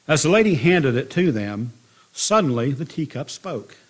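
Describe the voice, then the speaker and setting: A man preaching a sermon to his congregation, telling a parable in a lively storytelling manner. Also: moderate pace, breathy edge. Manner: storytelling with lively swings in pitch and loudness.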